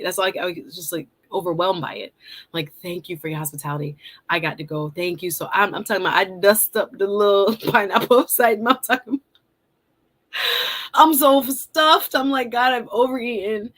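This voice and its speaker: A woman, hosting a live stream and telling a story in a casual, animated way. She laughs often and acts out her own lines. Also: fairly low pitch, fairly quick. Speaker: host.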